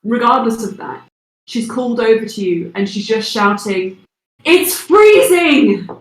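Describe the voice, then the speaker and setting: A woman runs a tabletop game as game master, narrating the action in an unhurried, descriptive way. Her voice sits at a middling pitch. The recording carries a noticeable room echo. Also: fairly bright tone.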